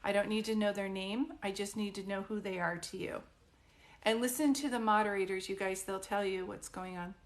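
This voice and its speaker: A woman's voice: medium pitch, fairly even intonation, fairly quick. A woman doing a psychic reading on a live stream, chatty and reassuring, with many fillers and restarts. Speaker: psychic medium.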